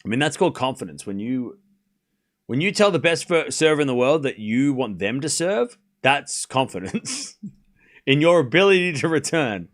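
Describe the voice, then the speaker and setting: A man hosting a live tennis watchalong, giving informal play-by-play that rises to excited shouts on big points. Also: mid-range voice, normal speed. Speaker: host calling a live watchalong stream.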